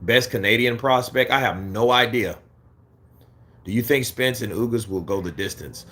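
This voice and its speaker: A man hosting a casual boxing livestream, blunt and animated, who swings between heated rants and low, mumbled asides while he reads the chat. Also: moderate pace. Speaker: boxing commentary livestream host.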